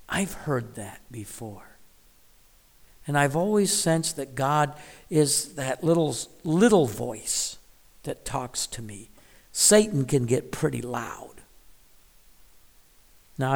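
A man's voice: mid-range voice, expressive, takes it slowly, creaky, pauses often, in a large hall. A man giving a devotional Bible reading and reflection, thoughtful, sometimes dropping to a whisper on key words. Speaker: Bible teacher.

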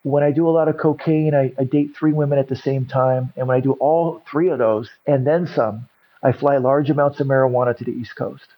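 A man's voice: medium pitch, steady tone, brisk, dull audio. A middle-aged man, a recovery coach, telling his story in an interview and acting out other people's lines. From California. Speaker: podcast guest, recovery coach.

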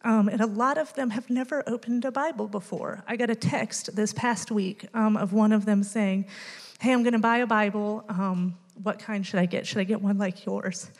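The room sounds big as a youth ministry volunteer in her late thirties gives an earnest testimony at church. Her mid-range voice holds a fairly even intonation at a moderate pace. She uses many ums and becomes emotional as she nears the end.

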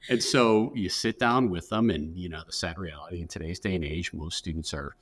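Deep husky man giving career advice. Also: fairly quick, a bit bright. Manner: earnest, advice-giving, frequent restarts. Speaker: career services director, guest. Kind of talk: conversational podcast interview.

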